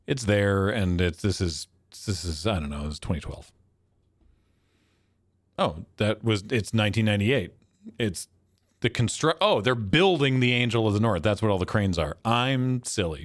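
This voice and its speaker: His voice is lowish with lively intonation and a moderate pace, captured in a dry, clean studio recording. While streaming a geography guessing game, he chuckles, reasons aloud, and teases himself over his guesses in casual livestream talk.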